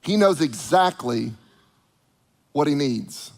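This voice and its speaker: Male preacher, high voice, lively delivery with acted-out voices, long hall reverb. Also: takes it slowly, vocal fry. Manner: animated, acts out the voices of people he quotes. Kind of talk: sermon.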